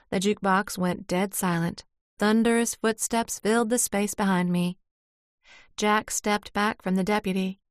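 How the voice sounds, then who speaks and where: A woman narrating a first-person story in a measured, scripted audiobook style. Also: mid-range voice, no room sound, clean studio sound.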